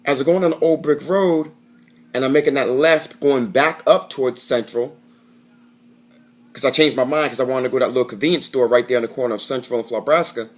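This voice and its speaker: A male vlogger from Florida tells a rambling, profane story straight to camera, frequently correcting himself along the way. His voice is mid-range and a little fast.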